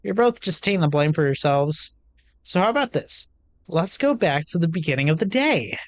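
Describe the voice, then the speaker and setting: A woman's voice: deep voice, very animated, moderate pace. Monika, a composed club president girl, as a woman reads her. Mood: calm.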